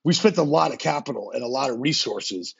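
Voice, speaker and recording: A man hosting a podcast, talking in a fast, slangy way and swearing freely. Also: medium pitch, animated, gravelly, husky, dull audio. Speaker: podcast host. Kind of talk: casual interview chat.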